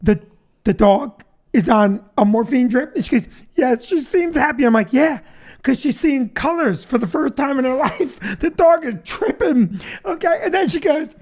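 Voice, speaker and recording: A man's voice: extremely high pitch, gravelly, darkish tone. A man telling a comic story as host of a live show, laughing through his own jokes. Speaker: comedian host. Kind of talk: comedic storytelling.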